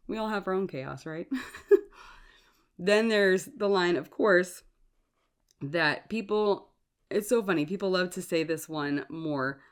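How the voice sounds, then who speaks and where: A woman hosting a podcast, a parent, chatting casually and acting out movie quotes. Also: on the low side. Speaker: podcast host. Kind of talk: casual chat.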